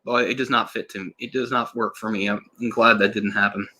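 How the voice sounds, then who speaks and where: His voice is lowish and fairly even in intonation, fairly quick and sharp in tone. He offers rambling live film commentary, often restarting his sentences, with passing laughs and occasional swearing.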